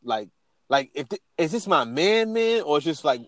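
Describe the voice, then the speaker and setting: A man's voice: on the high side, big pitch swings, moderate pace, a bit bright, no room sound. A man co-hosting a podcast in casual chat, slangy, with stammering restarts. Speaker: podcast co-host.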